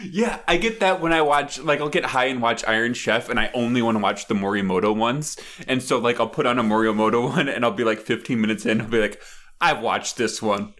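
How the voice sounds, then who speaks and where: A man's voice: mid-range voice, fast talker, few pauses, fairly bright tone. A man co-hosting a casual chat, telling stories animatedly and acting out quotes in silly voices. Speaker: podcast co-host.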